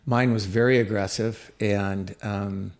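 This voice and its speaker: Middle-aged man, gravelly voice, reflective storytelling, halting with fillers, podcast guest. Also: fairly low pitch, steady tone. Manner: reflective, many fillers and restarts. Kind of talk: personal storytelling in an interview.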